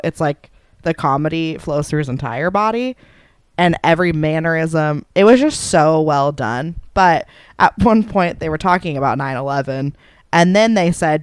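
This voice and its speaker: A woman's voice: low voice, clear, resonant tone, no room sound. A woman co-hosting a podcast in casual chat, an eager storyteller who is supportive and teasing. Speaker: podcast co-host.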